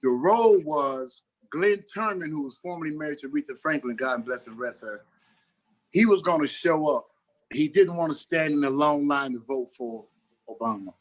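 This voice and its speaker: A middle-aged man tells a story in an interview, with a voice pitched a little high. He swings his voice up and down as he acts out what other people said. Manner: animated storyteller who acts out dialogue. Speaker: actor and interview guest.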